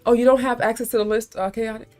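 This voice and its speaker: A woman's voice: fairly high pitch, little pitch movement, quick pace, darkish tone, faint music behind. A woman from South Florida with a neutral American accent, hosting a casual live-stream chat, talkative and often laughing. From South Florida, USA. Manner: chatty, laughing, calls people baby. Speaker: livestream host.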